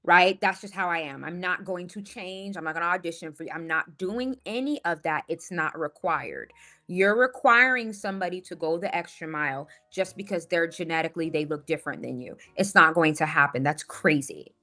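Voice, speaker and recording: Bright-voiced woman telling a story forcefully. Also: on the low side, normal speed. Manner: assertive, emphatic, asks rhetorical "right?". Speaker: spiritual life coach. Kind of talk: casual storytelling monologue.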